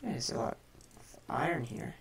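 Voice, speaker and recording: Woman gaming host, low-pitched, chatty commentary with sudden excited outbursts. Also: normal speed, vocal fry, a little hiss or hum, low-quality recording. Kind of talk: casual game commentary.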